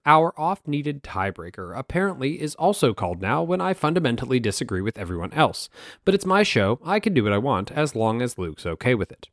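A man's voice: mid-range voice, very animated, a little fast, a bit bright, no echo, clean studio sound. A man hosting a history podcast on his own, wry and self-mocking and swearing freely. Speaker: podcast host. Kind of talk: solo history podcast monologue.

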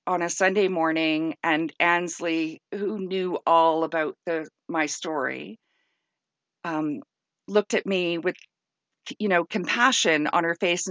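Middle-aged woman podcaster, low voice, dry close sound, candid and self-deprecating, laughs a lot. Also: a bit bright, dry recording, lo-fi sound. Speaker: podcast host, former clergy. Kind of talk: casual storytelling monologue.

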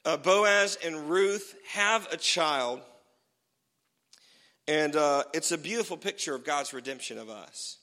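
Man, pastor, animated sermon storytelling, bright forceful voice, long church-hall reverb. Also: a little high, takes it slowly. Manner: animated storytelling preacher, swings loud and soft.

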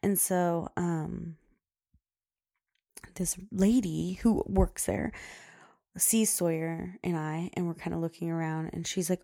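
Young woman, podcast host, casual storytelling, gravelly, mellow tone, says "like" a lot. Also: on the low side, fairly even intonation, takes it slowly, long pauses, no echo, studio quality. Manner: chatty, heavy use of "like", laughs often.

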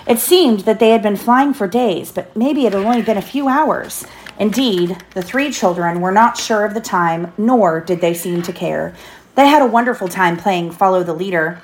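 A woman reading a children's storybook aloud to her child, lifting her voice for the characters' lines. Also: mid-range voice.

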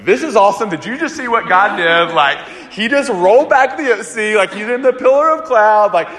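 A man doing a thrilled believer, high and gushing. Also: normal speed, in a large hall. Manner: gushing, breathless excitement. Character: excited faithful man marching through the sea.

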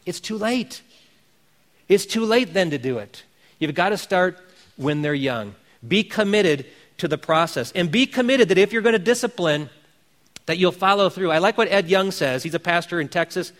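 A man's voice: high voice, expressive, normal speed, a bit bright, long reverb tail. A man preaching a sermon, earnest and exhorting, often repeating phrases for emphasis.

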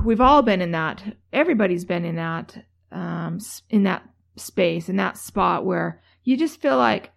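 A woman with a creaky, mid-range voice gives a motivational talk. She tells stories chattily, full of fillers and restarts, and gets lively in the storytelling.

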